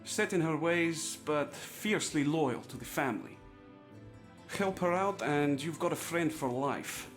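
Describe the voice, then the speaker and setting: A male actor voicing an earnest young son in a video game, speaking in a measured, plain way. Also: on the high side, faint music behind, lightly acted. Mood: wry. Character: young adult son, earnest, protective of his mother.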